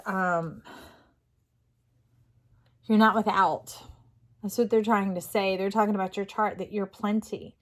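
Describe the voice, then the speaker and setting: A middle-aged woman doing a casual tarot reading, earnest and rambling, with restarts and fillers. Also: mid-range voice. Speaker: tarot reader.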